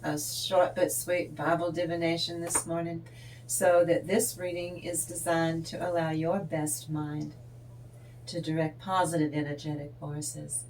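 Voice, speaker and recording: A woman's voice: sits low, flat delivery, a little slow, darkish tone, slight background noise. A woman hosting her own tarot channel, talking to viewers in a rambling, chatty way that drifts off topic. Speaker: tarot reader and channel host. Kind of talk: casual spiritual talk to viewers.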